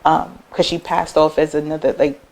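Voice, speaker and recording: A young American business owner chats casually in an interview, telling lively personal stories at a moderate pace. She's animated and acts out the voices of people she quotes with big pitch jumps.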